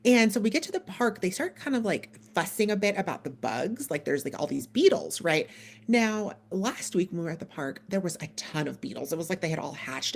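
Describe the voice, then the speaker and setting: A woman in her thirties hosting a podcast, telling a long story in a casual, animated way, full of "like" and acted-out dialogue. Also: medium pitch, creaky. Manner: animated, lots of "like" and quoted dialogue. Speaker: podcast co-host.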